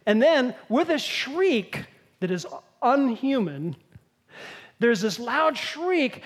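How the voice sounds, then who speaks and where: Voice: mid-range voice, expressive, slow pace. Pastor, sermon, conversational, explains scripture, acts out scenes. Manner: conversational, explanatory preaching with acted-out quotes.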